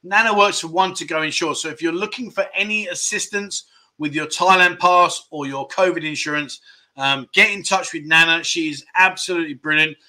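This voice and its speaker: A man hosts a casual livestream, reading out comments and thanking viewers by name. His voice is very bright and sits a little high, and he keeps the tone jokey and chatty. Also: moderate pace. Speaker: livestream host.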